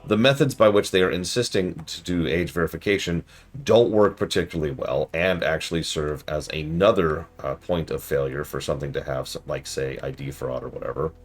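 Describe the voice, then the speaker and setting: A man's voice: extremely low pitch, a little fast. A man streaming a game review, talking in a sarcastic, ranting way. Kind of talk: casual live-stream commentary.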